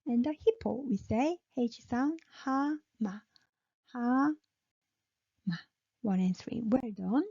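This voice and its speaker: A woman's voice: on the high side, lively intonation, unhurried, vocal fry, few pauses, dark tone, breathy edge. A woman with a Korean accent teaching Korean pronunciation, modelling syllables and praising the learner. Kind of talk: pronunciation lesson. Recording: dull lo-fi sound.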